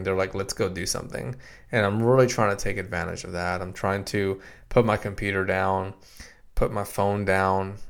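A man's voice: fairly low pitch, gravelly, fairly bright tone. A man in his thirties or forties hosting a casual solo podcast from a home studio, talking through advice in a conversational way, often repeating words and acting out quoted exchanges. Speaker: podcast host and practice consultant. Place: home podcast room in a basement.

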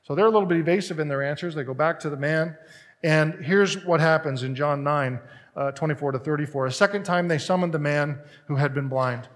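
A male pastor preaching with a slightly raised pitch, telling stories in a lively, conversational manner. His voice carries the long reverb of a large hall. He moves between scripture and everyday anecdotes. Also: quick pace. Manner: conversational, animated storytelling preacher. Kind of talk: sermon.

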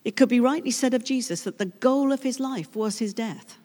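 A woman preaching a sermon in an earnest, dramatic way, moving between hushed and loud passages. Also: a little high, fairly quick. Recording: long hall reverb.

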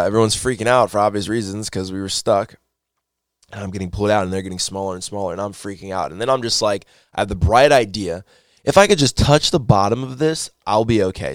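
A man giving a personal faith testimony, telling his story earnestly and excitably, often repeating words as he gets wound up. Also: sits low, no room sound, clean studio sound.

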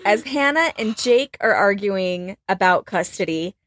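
A woman's voice: mid-range voice, expressive, unhurried, fairly bright tone, dry recording. A woman telling a true-crime story to a co-host in loose, chatty podcast talk, full of "like" and half-finished phrases. Her voice sits mid-range and sounds dry and close to the mic, with no room around it. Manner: chatty, lots of "like" and trailing phrases.

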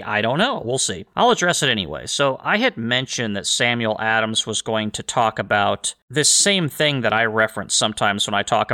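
Impassioned man with a bright voice. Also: medium pitch. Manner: impassioned, rambling with frequent restarts. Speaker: podcast host. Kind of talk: solo podcast monologue.

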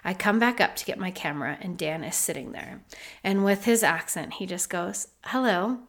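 Woman host, 30s, reflective personal storytelling, earnest and lively. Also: lowish voice, normal speed. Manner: earnest, reflective, animated when retelling. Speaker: podcast host.

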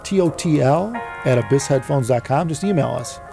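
A man hosting a casual chat, relaxed and quick to laugh. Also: mid-range voice, vocal fry, music in the background. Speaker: host.

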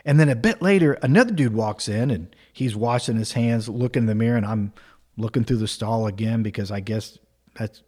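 A man's voice: medium pitch, slightly rough. Casual man spinning a comic story. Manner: casual, animated, tag questions.

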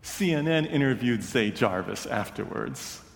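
A man preaching a sermon, retelling a story in an earnest, measured way. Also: mid-range voice, expressive, creaky, echoey room, in a large hall. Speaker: pastor.

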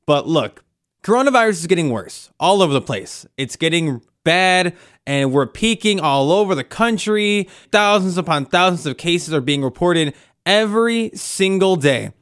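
A man's voice: sits high, animated, normal speed, a bit bright. A young man from Indiana hosting a solo podcast, ranting emphatically and exasperatedly, with a slight lisp. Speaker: podcast host.

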